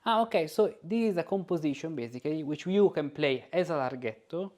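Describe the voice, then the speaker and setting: A man teaching music composition in an informal lesson, singing rhythms and note syllables aloud to demonstrate his points as he thinks out loud. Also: a little high, lively intonation, fairly quick.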